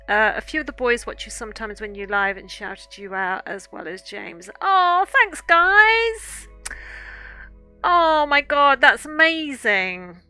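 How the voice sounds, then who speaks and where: Middle-aged woman streamer, very bright tone, unhurried, effusive thank-yous, faint music behind. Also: mid-range voice, no room sound. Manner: chatty and effusive, thanking viewers often. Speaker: author and livestreamer. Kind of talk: casual livestream chat to viewers. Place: small home room corner.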